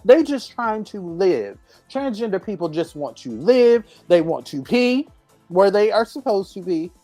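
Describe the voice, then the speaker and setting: A woman's voice: medium pitch, big pitch swings, unhurried, warm tone, no echo, soft background music. A woman co-hosting a casual talk show, ranting bluntly and with profanity about the news. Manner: ranty, blunt and profane, laughs easily. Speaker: podcast co-host. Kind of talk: casual opinionated chat.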